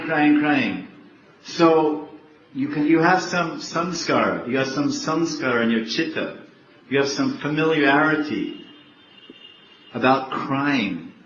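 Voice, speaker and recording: Slow, echoey older man lecturing. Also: medium pitch, a bit bright. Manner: slow, repetitive, laughing often. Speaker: spiritual teacher. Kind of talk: devotional lecture. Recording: echoey, dull, faint background noise.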